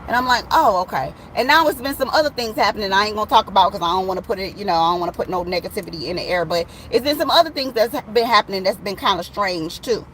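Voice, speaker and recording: A woman's voice: mid-range voice, fast, hardly any pauses, a bit bright, slight background noise, rough recording. A woman, giving a casual tarot reading to camera and talking bluntly and animatedly straight to her viewers, swearing freely. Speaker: tarot reader.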